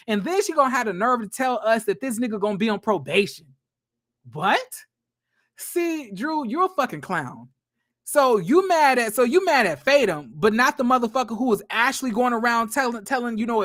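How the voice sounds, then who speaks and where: In a very high-pitched voice, a man gives a relaxed reality TV rundown. He's quick to laugh, animated, and talks in a blunt, gossipy, profane way.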